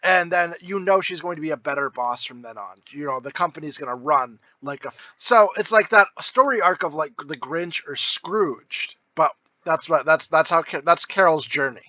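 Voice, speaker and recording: A man with a high, bright, tense voice and lively pitch breaks down a movie for a podcast. He sounds animated and profane, recorded close and dry. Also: moderate pace, hardly any pauses, no room sound, low-quality recording. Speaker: podcast co-host. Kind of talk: comedic movie review chat.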